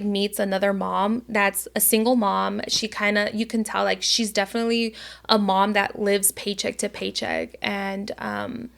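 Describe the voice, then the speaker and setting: A woman's voice: mid-range voice, creaky, a bit bright. A woman co-hosting a podcast in casual chat, rambling with lots of "like" and casual swearing. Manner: rambling, heavy filler "like", swears freely. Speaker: podcast co-host.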